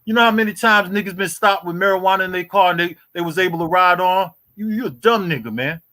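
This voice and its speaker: A man's voice: sits high, quick pace, bright, forceful tone. A man in his forties hosting a boxing livestream, taunting a rival in a profane, repetitive rant. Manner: taunting, profane, repeats "boy" and "you hear me". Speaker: boxing YouTube host.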